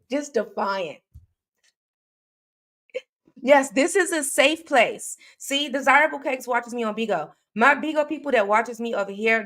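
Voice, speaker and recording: A woman hosts a casual livestream and talks straight to her viewers. Her speech is chatty and rambling, with lots of fillers and restarts, and she reads comments out loud as she goes. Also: a little high. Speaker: true crime livestream host.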